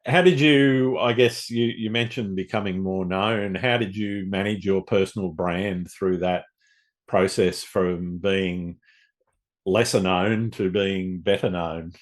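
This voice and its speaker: A man hosting a podcast interview, asking questions in a relaxed way and adding short affirmations. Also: sits low, slow. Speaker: podcast host. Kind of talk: casual interview.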